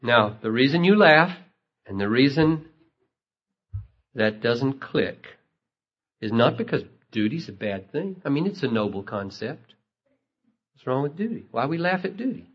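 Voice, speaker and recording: A man's voice: mid-range voice, sing-song, a little slow, pauses often, husky. A man preaching a sermon, telling stories and rising to emphatic peaks. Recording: muffled lo-fi recording.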